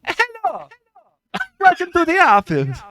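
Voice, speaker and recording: A man voicing a cheerful cartoon plumber in a very high, bouncy put-on Italian-style voice. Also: wildly swooping pitch, a little slow, pushed and bright, full character voice. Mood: cheery.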